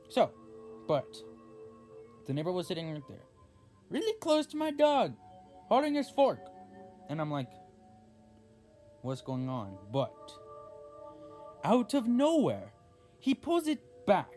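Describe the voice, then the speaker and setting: Young guy vlogging, rambly and excitable, lots of restarts, pitch jumps all over. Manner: animated, rambling with many restarts. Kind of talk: casual storytelling.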